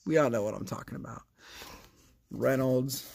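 A man's voice: mid-range voice, moderate pace, gravelly, a little mellow. A man hosting a casual card-opening vlog, chatty and rambling, with a sarcastic streak. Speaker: card collecting channel host.

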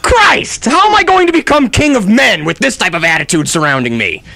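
A man hosts a comic radio show, ranting loud and profane in a high voice that leaps all over the place. There is gravel in his throat, and he talks into a handheld studio mic. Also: huge pitch swings, fast talker, no echo. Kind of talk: casual comic radio chat. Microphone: handheld studio microphone.

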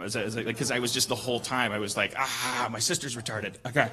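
A man hosting a comedy podcast, telling stories in an animated, profane ranting way. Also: medium pitch, fast talker, hardly any pauses, a crowd in the background. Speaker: podcast host. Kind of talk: casual comedic storytelling.

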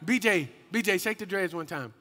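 A young man preaching a slangy, call-and-response youth sermon, rising into shouts. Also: high-pitched, moderate pace. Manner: lively and slangy, calls out to the crowd and rises to shouts. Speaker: youth minister. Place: hall with a youth group. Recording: echoey hall with long reverb.

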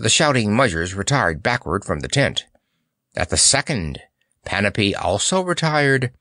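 Expressive, unhurried male storyteller. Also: mid-range voice, dry recording, studio quality. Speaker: audiobook narrator. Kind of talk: scripted narration.

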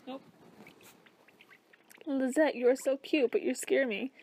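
Young woman, high voice, jumpy horror game commentary, lots of oh god and exclaiming. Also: a little slow, a little mellow, husky. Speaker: gamer.

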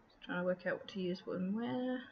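A woman's voice: on the low side, brisk. A woman talks casually through her craft process in an easy, rambling way, full of ums and half-finished thoughts. The recording sounds a bit dull and lo-fi, with a faint hiss underneath. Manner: chatty, relaxed, many ums and trailing thoughts. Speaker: scrapbooking video host.

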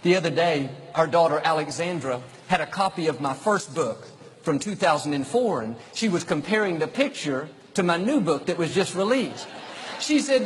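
Upbeat middle-aged man preaching, fairly high voice. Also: animated, normal speed, a little hiss or hum. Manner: upbeat preaching with repeated declarations. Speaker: pastor. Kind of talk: sermon.

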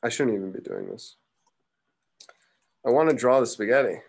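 A man's voice: mid-range voice, moderate pace, creaky, darkish tone, slightly rough. A young man teaching a live drawing class, chatting casually and thinking aloud as he sketches. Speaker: art teacher.

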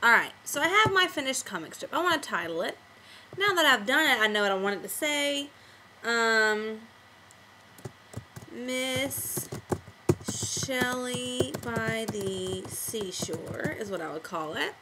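Patient and methodical, a woman teacher shows children how to make a comic on screen in a software tutorial recorded from her screen. She speaks on the high side, a little fast, with big pitch swings, and background noise is present.

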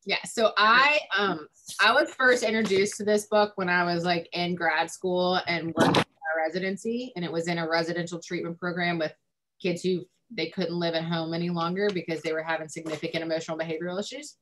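Chatty woman therapist, low voice. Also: fairly even intonation, brisk, fairly bright tone, a little hiss or hum. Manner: informal, many fillers like "um" and "like". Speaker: family therapist. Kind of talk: casual explanatory chat.

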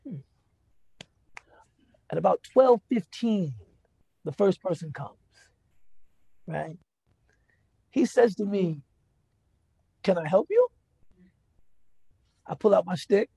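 Gravelly, high-voiced male lecturer. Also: lively intonation, slow, long pauses, mellow, no room sound. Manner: conversational, frequent rhetorical "right?" and "you know". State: moved to emotion. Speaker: Islamic speaker giving a lecture. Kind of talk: personal storytelling lecture.

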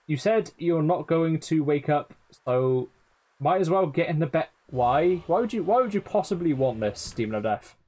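A man's voice: a little high, expressive, normal speed, mellow. A man streaming a game live, swearing often, laughing and teasing his chat. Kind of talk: live gameplay commentary.

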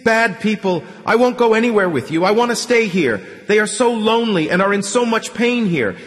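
A man's voice: lively intonation, normal speed, big-room sound. A man voicing a distraught young man who sobs and shrieks about the unseen dead. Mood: hysterical. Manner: shrill, hysterical crying and shouting.

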